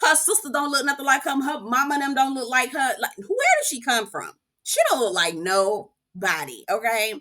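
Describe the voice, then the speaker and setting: A woman with a bright, forceful voice, pitched a little high. She talks in a sassy, profane, animated way. She is giving casual recap commentary. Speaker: reality TV recap host.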